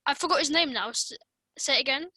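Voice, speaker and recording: A woman's voice: high voice, fast, pushed and bright, dry recording. A young woman co-hosting a casual podcast, laid-back and giggly. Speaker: podcast co-host. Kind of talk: casual chat.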